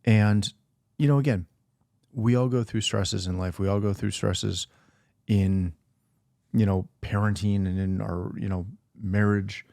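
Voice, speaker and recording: A man co-hosting a casual talk show, explaining ideas in a relaxed conversational way and acting out his own inner voice. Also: on the low side, a little slow, vocal fry, no echo, clean studio sound. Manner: conversational, talks through ideas with quoted self-talk. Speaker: podcast co-host. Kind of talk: casual faith-based chat.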